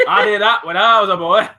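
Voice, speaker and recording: High-voiced man teasing and laughing. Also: moderate pace, bright, forceful tone. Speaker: co-host. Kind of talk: casual banter on a livestream.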